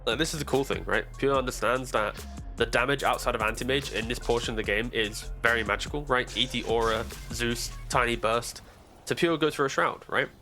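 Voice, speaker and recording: A man breaks down a live esports match in a bright, forceful voice. He talks in a loose, chatty way, full of casual asides. Faint music plays under his headset mic. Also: mid-range voice, a little fast. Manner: casual, chatty analysis with many "like" fillers. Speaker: esports commentator.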